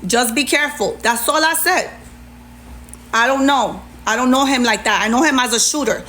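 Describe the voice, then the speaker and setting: A woman livestreamer venting to her chat in a sassy, animated way. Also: a little high, moderate pace, slight background noise. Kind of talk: venting on a live stream.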